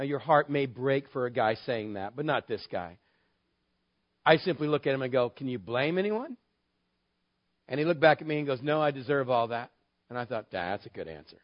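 A man's voice: mid-range voice, dry recording. A man preaching a sermon as a pastor, telling a story in a candid, conversational way with wry humor. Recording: dull, lo-fi dry sound.

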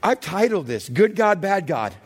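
A middle-aged man preaching a sermon with dramatic swings between loud and hushed delivery. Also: high-pitched, big pitch swings, normal speed. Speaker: pastor.

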